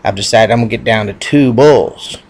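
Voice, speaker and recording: A man's voice: on the low side, brisk, a little mellow, lightly acted. A man voicing a cash-strapped farmer in a joke, speaking plainly. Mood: boasting.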